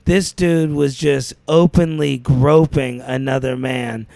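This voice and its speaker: A man's voice: mid-range voice, fairly even intonation, takes it slowly, vocal fry, warm tone, no echo. A man co-hosting a podcast in casual chat, telling stories with a brash, swaggering manner. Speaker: podcast co-host.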